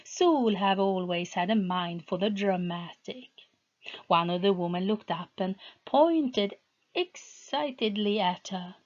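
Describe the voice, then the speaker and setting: A woman reading a fantasy novel aloud as scripted narration, in a measured way. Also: medium pitch, lively intonation, lo-fi sound. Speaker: audiobook reader.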